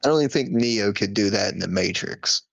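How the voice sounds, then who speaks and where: A man's voice: lowish voice, brisk, gravelly, a bit bright, no room sound, rough recording. A man co-hosting a podcast, laid-back and teasing, sometimes sitting back from his mic. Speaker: podcast co-host. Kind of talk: casual chat. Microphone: podcast mic, sometimes held at a distance.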